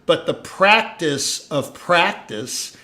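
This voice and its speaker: An older man hosting a casual chat, storytelling with sudden loud asides and low mutters. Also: lively intonation, takes it slowly. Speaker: host.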